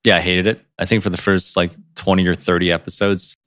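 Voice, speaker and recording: A man co-hosting a podcast in casual chat, animated and quick to laugh. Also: deep voice, dry recording, studio quality. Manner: animated, laughs often, words tumbling fast. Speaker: podcast co-host.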